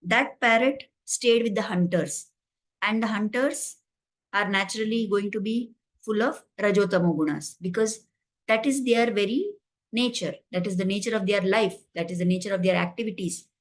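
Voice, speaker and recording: A woman leads a spiritual discourse in a slow, deliberate, explanatory way. She weaves a folk tale into her teaching. Her voice sits at an ordinary middle pitch. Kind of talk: scripture discourse with storytelling.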